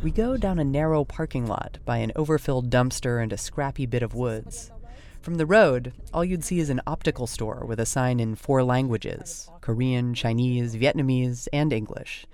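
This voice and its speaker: Man, podcast host, scripted narration, measured, descriptive, mid pitch. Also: a little mellow.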